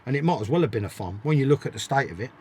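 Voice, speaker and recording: A man's voice: medium pitch, lively intonation, rapid-fire, mellow, slight background noise. An older man, telling blunt, sweary stories as an interview guest and driving his points home by repeating them. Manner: blunt, emphatic, repeats himself. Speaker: interview guest, former footballer. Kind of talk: casual storytelling, swearing freely.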